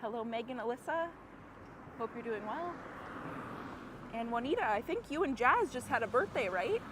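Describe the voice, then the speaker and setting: A woman's voice: a little high, sing-song, moderate pace. A woman hosting a casual live stream as she walks a city street at night, chatting with viewers by name and laughing often. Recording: outdoor street noise with traffic. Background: traffic and street noise.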